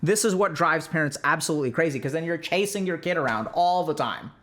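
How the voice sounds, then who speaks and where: A man with a slightly higher-than-usual voice talks through parenting advice like a clinician chatting with his audience. His delivery is loose and conversational, studded with "like" and tag questions such as "right?" and "okay?". He turns sarcastic when mocking strict ideas. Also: animated, fast talker, a bit bright. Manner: conversational, full of "like" and "right?" check-ins. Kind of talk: casual explanatory talk.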